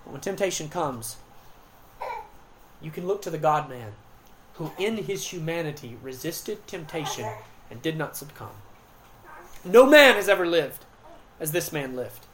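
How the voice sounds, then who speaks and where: A woman preacher delivering a sermon, slowing down to stress key words and swinging between loud emphasis and quiet, hushed passages. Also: low voice, big pitch swings, a crowd in the background.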